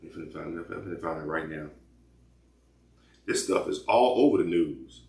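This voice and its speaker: A man's voice: a bass voice, normal speed, creaky, darkish tone, echoey room. A man hosting casual commentary, talking loosely with lots of restarts. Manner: loose rambling talk with repeated restarts. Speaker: commentary host.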